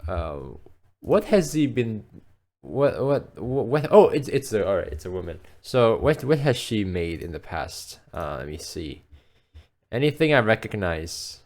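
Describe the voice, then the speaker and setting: A man's voice: on the low side, big pitch swings, measured pace, darkish tone. A man hosting a casual movie podcast, rambling with lots of fillers and restarts. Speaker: podcast host. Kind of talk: casual chat.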